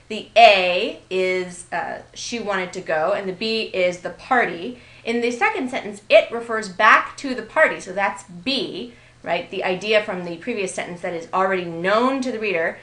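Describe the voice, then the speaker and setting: Writing teacher, woman, mid-pitched voice, recorded grammar lecture, echoey room. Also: lively intonation, moderate pace, a bit bright. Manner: explanatory, lightly amused, reads examples aloud. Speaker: writing instructor. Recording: roomy echo.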